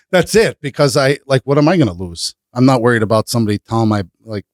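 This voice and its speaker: A man's voice: mid-range voice, fast, dry recording. Blunt, profane man in dry studio. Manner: blunt, profane, animated storytelling. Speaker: podcast guest, business owner. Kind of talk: casual interview chat.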